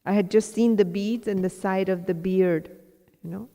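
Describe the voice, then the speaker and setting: A woman's voice: mid-range voice, fairly even intonation, moderate pace, dark tone. A woman from India telling a personal story to a live audience as a spiritual teacher, reflective and self-mocking, quoting her own thoughts in asides. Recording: long hall reverb.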